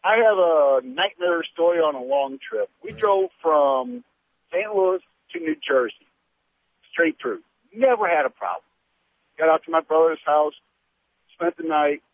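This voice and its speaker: A man's voice: a little high, big pitch swings, unhurried, a little hiss or hum. A man calling into a radio show, telling an amused travel story. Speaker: caller. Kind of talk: phone-in storytelling. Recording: gravelly voice over tinny phone line.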